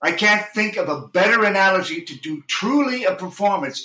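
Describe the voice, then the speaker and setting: Earnest actor guy being interviewed, forceful bright voice, echoey room. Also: high-pitched, lively intonation, moderate pace. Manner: intense, earnest, with many restarts. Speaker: actor and audiobook narrator, guest. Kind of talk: reflective interview talk.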